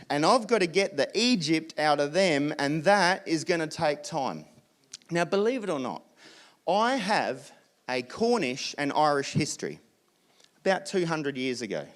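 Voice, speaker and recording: Lively Australian pastor preaching. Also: male voice, on the high side. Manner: animated storytelling with acted asides. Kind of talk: sermon.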